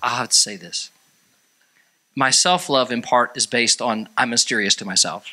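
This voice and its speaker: Philly priest preaching, super bright voice, jokey, squeaks up high for the quotes. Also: male voice, moderate pace, slight background noise. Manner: animated, jumps high to act out quotes. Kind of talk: sermon clips with audience.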